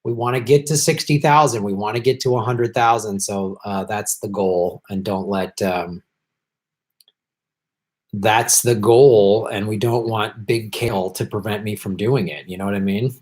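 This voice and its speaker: A man hosting a casual live stream, chatting with viewers, clearing his throat often and swearing in frustrated outbursts at the tech. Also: on the low side, steady tone, moderate pace, hardly any pauses, darkish tone. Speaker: political comedian and live stream host.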